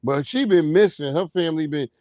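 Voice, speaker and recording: A man hosting a livestream, chatting casually with heavy swearing and animated storytelling. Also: fairly high pitch, brisk, no echo. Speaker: livestream host. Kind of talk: casual chat.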